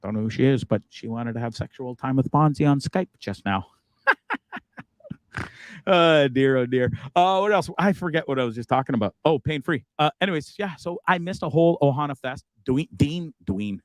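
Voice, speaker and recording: A man's voice: medium pitch, fairly quick, no echo. A man hosting a casual livestream from a bus, rambling, swearing and laughing at himself. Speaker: host.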